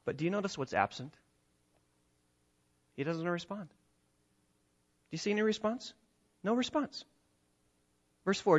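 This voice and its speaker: A man preaching a sermon as a pastor, emphatic, moving between quiet asides and raised lines. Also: sits high, animated, unhurried, long pauses. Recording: slightly dull lo-fi sound.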